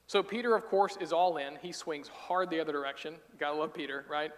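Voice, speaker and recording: A man's voice: fairly high pitch, a little fast, long reverb tail. A man preaching a sermon in a casual, storytelling way, acting out quoted voices as he retells the passage. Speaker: pastor. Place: church sanctuary.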